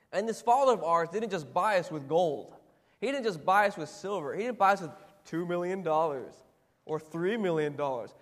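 A man preaching a sermon in a church hall, talking conversationally and asking the congregation rhetorical questions. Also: sits high. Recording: echoey hall with long reverb.

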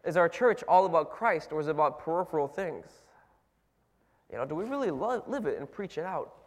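A man's voice: fairly high pitch, animated, brisk. Man preaching in a reverberant hall. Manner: conversational, questioning, many fillers and restarts. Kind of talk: sermon.

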